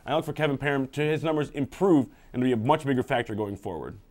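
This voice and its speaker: A man's voice: medium pitch, fast, darkish tone. A man giving confident sports analysis on a student TV show, rattling off statistics.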